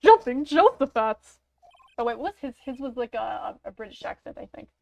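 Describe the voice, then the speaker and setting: A woman's voice: fairly high pitch, steady tone, a little fast, creaky, darkish tone, dry recording. A woman streamer giving casual, offhand let's-play commentary.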